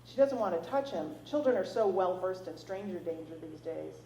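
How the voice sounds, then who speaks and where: A woman author reading her novel aloud at a library event, with expressive, casual asides. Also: on the low side, moderate pace, reverberant, lo-fi sound, a little hiss or hum.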